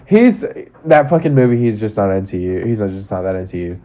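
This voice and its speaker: Male podcast host, casual gossipy chat. Mellow voice, heavy swearing. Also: sing-song, normal speed. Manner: gossipy, swears a lot, acts out cast members in high voices.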